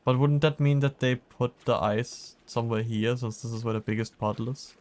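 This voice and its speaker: Guy streaming a game, casual chatty, laughs a lot, middle pitch. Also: steady tone, moderate pace, a little mellow. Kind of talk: casual gameplay chat.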